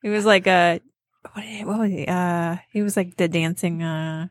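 A woman's voice: lowish voice, fairly even intonation, moderate pace, no echo, studio quality. A woman co-hosting a podcast, chatty and rambling as she tells stories. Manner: chatty, laughing, rambling storyteller. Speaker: podcast co-host. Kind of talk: casual chat.

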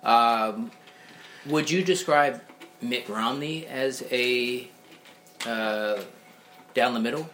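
A man's voice: medium pitch, slow, pauses often, fairly bright tone, slight background noise. A man hosting a casual podcast, reading listener questions loosely with plenty of fillers and hesitations.

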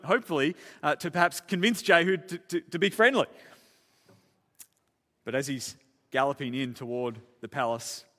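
Bright-voiced storytelling preacher man. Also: on the high side. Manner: lively storytelling, casual asides, frequent repeats. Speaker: pastor. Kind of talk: sermon. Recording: long church-hall reverb.

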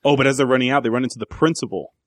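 A man's voice: mid-range voice, very fast, no echo. A man in his thirties co-hosting a podcast, casually and profanely retelling movie scenes. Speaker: podcast co-host. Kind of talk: casual movie review chat.

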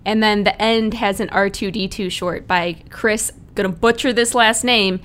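A woman co-hosting a casual podcast chat, talking quickly and laughing often. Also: mid-range voice, fairly even intonation, fairly bright tone. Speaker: podcast co-host. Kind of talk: casual chat about comics.

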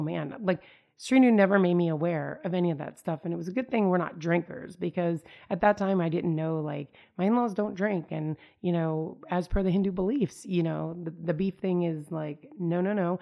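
Low, gravelly American woman telling a story. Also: highs cut off. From United States. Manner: conversational, many fillers like "like" and "you know". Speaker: storyteller recounting family life. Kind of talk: personal storytelling.

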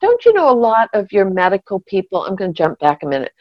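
A woman's voice: mid-range voice, huge pitch swings, fast, dry recording, highs cut off. A woman co-hosting a casual chat, thinking aloud in a reflective, wry, digressive way. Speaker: podcast co-host.

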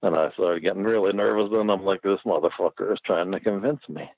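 A man's voice: low-pitched, fairly even intonation, fairly quick, no echo. A man telling a rambling, profane story in casual chat, laughing often. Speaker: guest storyteller. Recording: muffled lo-fi recording.

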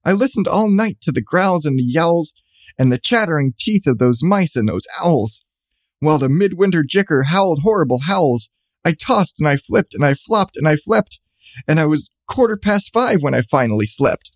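A man's voice: a little high, expressive, moderate pace, no room sound. A man reading a rhyming children's storybook aloud with a bouncy cadence.

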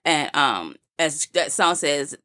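A woman's voice: deep voice, sing-song, slow pace, bright, forceful tone. A woman leading a casual Bible study with a co-host, talking earnestly and acting out the scripture passages with feeling. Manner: earnest, conversational, acts out the scripture quotes with feeling.

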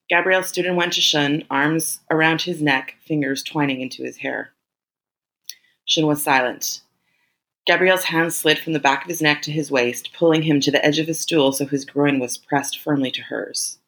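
A woman reading a story aloud as narrator in a measured, even way. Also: sits low, poor audio. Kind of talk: scripted narration.

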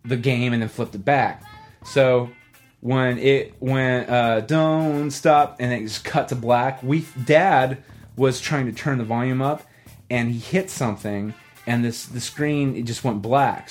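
A man's voice: mid-range voice, a little slow, faint music behind. Rambling man hosting a casual podcast. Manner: rambling, animated storytelling with many restarts. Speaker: podcast host.

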